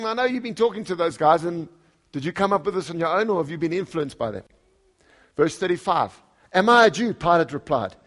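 A pastor preaching a conversational sermon. He reads scripture aloud with lively emphasis and puts questions to the congregation. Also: on the high side.

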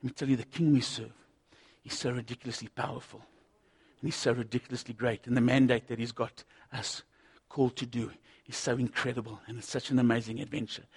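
A middle-aged man preaching a sermon, impassioned, swinging from loud urgency to hushed intensity. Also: mid-range voice, steady tone, fairly quick, vocal fry, husky.

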